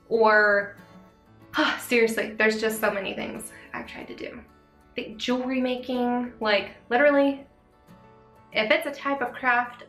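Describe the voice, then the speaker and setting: A young woman vlogger, slightly sick and out of breath, chatting quickly through viewer questions with lots of "like" and "um". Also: a little high, bright, forceful tone. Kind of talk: casual Q&A vlog. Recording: echoey room, faint music.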